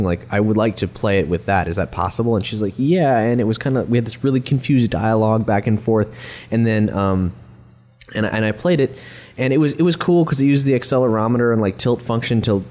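A man's voice: on the low side, warm tone. A man co-hosting a casual gaming chat, talking with frequent restarts and fillers. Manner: chatty, many restarts and fillers. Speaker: podcast co-host.

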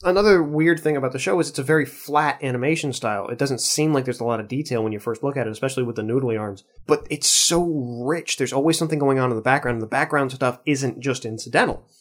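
Male podcast host, animated casual talk, drawn-out emphasis. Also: medium pitch. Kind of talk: casual chat.

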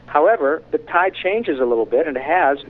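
A man in a casual interview, a voice actor guest who tells animated stories with frank, candid asides. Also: a little high, a little fast. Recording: tinny phone-line sound.

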